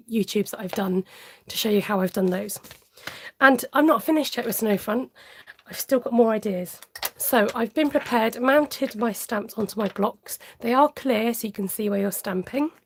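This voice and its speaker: A woman's voice: a little high, slight background noise. A woman hosting a live papercraft tutorial in a friendly, chatty way, greeting viewers by name and laughing often.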